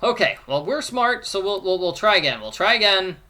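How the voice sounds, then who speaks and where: A man's voice: high-pitched, sing-song, brisk, pushed and bright. A man giving a playful walkthrough of an adventure game, explaining each step and joking along. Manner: playful, explains steps, jokes and does voices. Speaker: let's play commentator.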